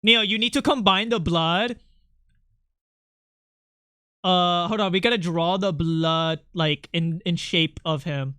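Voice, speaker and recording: A young man streaming while he draws, chatting casually and excitably, laughing often and swearing now and then. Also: high voice, takes it slowly, long pauses, smooth, dry recording, studio quality. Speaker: art streamer. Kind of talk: casual live-stream chat.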